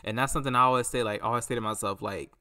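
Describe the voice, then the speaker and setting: Male podcast host, middle pitch with a sharp, bright tone; loose, rambling, lively storyteller. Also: racing. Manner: rambling, animated, acts out quotes. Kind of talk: casual solo commentary.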